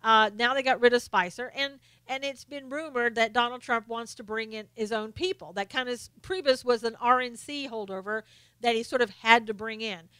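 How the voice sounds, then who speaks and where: Lady live-streamer doing political commentary, blunt and scolding, bright clear voice, super dry sound. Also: on the high side, normal speed, no room sound. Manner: blunt and opinionated, answers viewer comments by name; scolding, lists points one by one.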